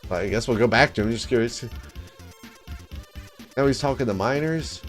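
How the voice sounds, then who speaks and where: A man's voice: medium pitch, normal speed, pauses often, soft background music. A man casually commenting on a game and reading its text aloud, profane and self-mocking. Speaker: let's play host.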